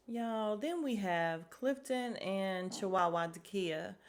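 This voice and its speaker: A woman's voice: medium pitch, lively intonation, slow, few pauses, a bit bright. Brief: young woman podcast host from Chicago, casual recap, blunt and sassy, mid-range voice, talks right at the audience. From Chicago, USA. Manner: blunt, sassy, speaks straight to listeners.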